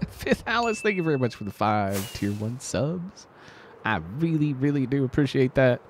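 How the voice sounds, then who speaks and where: A young man streaming a game, chatting casually and goofily, his voice a little rough from sickness and lack of sleep. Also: mid-range voice, a little slow, slight background noise. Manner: animated, excitable, goofy. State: slightly sick, sleep-deprived voice. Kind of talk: casual live-stream chat.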